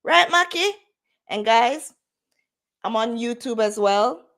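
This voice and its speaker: A woman's voice: on the high side, animated, slow, creaky, a bit bright. A Jamaican woman in her forties hosting a casual livestream chat, slipping into patois and laughing often. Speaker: livestream host.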